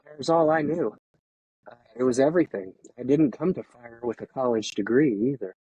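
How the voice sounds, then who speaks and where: A man in his fifties, a retired firefighter, speaking candidly and emotionally in an interview, with halting pauses and restarts over a video call. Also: mid-range voice, warm tone, breathy edge, muffled recording.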